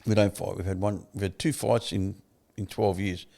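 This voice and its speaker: An older man with an Australian accent, a podcast guest telling his story candidly, blunt and quick to swear. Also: sits low, creaky. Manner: blunt, swears freely, animated retelling.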